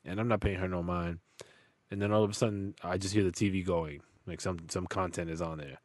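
A man hosting a podcast, talking in a relaxed, slangy way. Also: sits low, brisk, dry recording. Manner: relaxed, slangy and laid-back. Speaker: podcast host. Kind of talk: casual chat.

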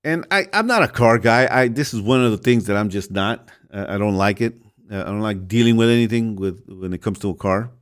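A man's voice: lowish voice, lively intonation, fairly quick. A man hosting a show, telling a rambling everyday story that turns into a sermon, often restarting his sentences and calling listeners "folks". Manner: rambling, self-interrupting, chuckles, addresses listeners as folks. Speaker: podcast host preaching.

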